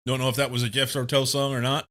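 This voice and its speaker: A man livestreaming a game, muttering to himself and often coughing and clearing his throat. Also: medium pitch, flat delivery, fast talker, a bit bright. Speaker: streamer. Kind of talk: casual gaming livestream talk.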